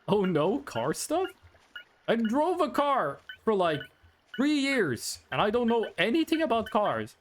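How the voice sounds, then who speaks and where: High, lively-voiced male streamer. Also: unhurried, a little hiss or hum. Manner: rambling, reads chat aloud, frequent ums. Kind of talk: casual live-stream chat.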